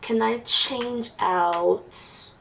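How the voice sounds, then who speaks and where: Slow-talking gravelly woman with a Jamaican accent. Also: fairly high pitch, fairly bright tone. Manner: chatty, exclaims at the game. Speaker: let's play streamer. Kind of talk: casual gameplay commentary. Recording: distant mic with faint noise.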